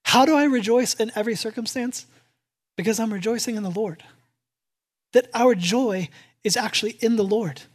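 A pastor preaches a sermon to a church congregation, animated and emphatic, repeating key phrases and swinging from loud to hushed. His voice is husky and medium-pitched, at normal speed with long pauses.

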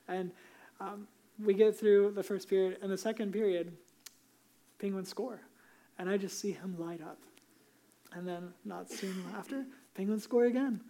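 A man's voice: high-pitched, steady tone, moderate pace, dark tone. A man in his thirties preaching a sermon as pastor, talking in an earnest, conversational storytelling way.

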